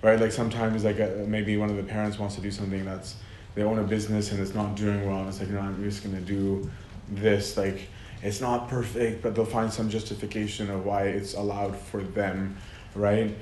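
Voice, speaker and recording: A man's voice: fairly low pitch, flat delivery, fairly quick, a little mellow. Casual, filler-heavy male lecturer in an echoey room. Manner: conversational, filler-heavy, often laughs mid-sentence. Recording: echoey room with faint ambient noise.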